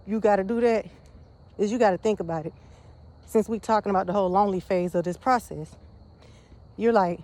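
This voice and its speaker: A woman's voice: mid-range voice, warm tone. A woman vlogging while walking outdoors, a bit out of breath, giving a slangy, casual motivational talk with many "you get what I'm saying" asides. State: slightly out of breath.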